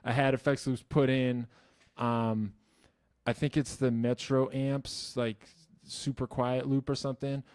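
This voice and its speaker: A young man from New Jersey hosts a musician's YouTube Q&A in a smooth, medium-pitched voice, speaking a little slowly. The recording is studio quality with no room sound. His casual chat is animated and profane, full of restarts and self-mocking asides.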